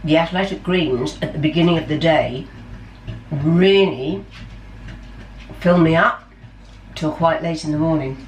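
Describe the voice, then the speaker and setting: A woman's voice: deep voice, unhurried, long pauses. A middle-aged woman in a casual cooking vlog, chatty and self-deprecating, talking enthusiastically about her food at home. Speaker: vlogger. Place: home kitchen. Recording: roomy, distant camera sound with faint background hum.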